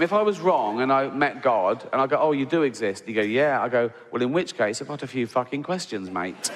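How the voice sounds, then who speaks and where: Heavy background noise fills this live hall recording, where an English comedian chats through his stand-up set before an audience on a theatre stage. He keeps adding "right?" and breaks into high, laughing voices.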